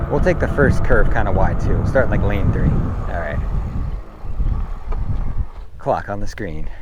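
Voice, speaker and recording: An older man vlogging casually while riding an e-bike around a track outdoors, chatty and self-deprecating, a little out of breath. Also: lowish voice. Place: outdoors on a high school track. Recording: outdoor noise, wind and traffic.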